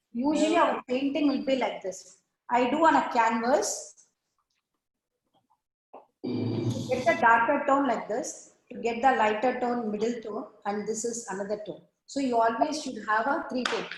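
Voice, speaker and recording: A woman's voice: on the high side, a little hiss or hum. A woman teaching an online art class, giving patient step-by-step instructions over a video call. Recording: echoey room on a video call.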